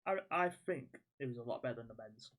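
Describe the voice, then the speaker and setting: A man's voice: medium pitch, animated, fairly bright tone. Laid-back man co-hosting. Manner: laid-back, quick agreeing replies, swears casually. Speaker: podcast co-host. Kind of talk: casual chat.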